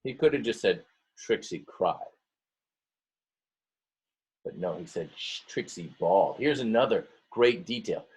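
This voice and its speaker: Animated, husky-voiced male teacher. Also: lowish voice, unhurried, pauses often. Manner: animated, stretching words and acting out story voices; stops often to explain and talk to the class. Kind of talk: reading a picture book aloud to students.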